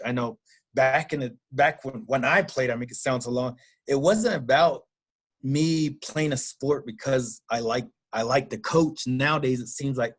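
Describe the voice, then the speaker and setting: A man's voice: mid-range voice, measured pace. A man hosting an interview, himself a coach, talking reflectively and restarting his sentences as he thinks. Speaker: interview host and football coach. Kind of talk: casual interview conversation.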